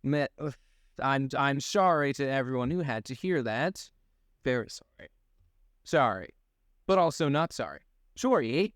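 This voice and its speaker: A young man co-hosting a podcast in casual chat, rambling and halting, swearing freely. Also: mid-range voice, expressive, fairly bright tone, no room sound, clean studio sound. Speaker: podcast co-host.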